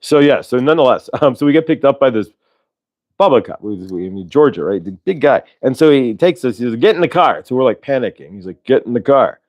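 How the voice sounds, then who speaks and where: A man's voice: mid-range voice, lively intonation, a little fast, a little mellow. A man hosting a casual livestream, rambling and tagging on "right?" as he talks. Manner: rambling, keeps adding "right?". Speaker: livestream host.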